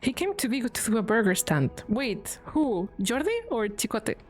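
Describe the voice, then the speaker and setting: A woman's voice: fairly high pitch, sing-song, moderate pace, faint music behind. A woman from Spain with a Spanish accent, chatting casually on her stream, giggling often and swearing freely.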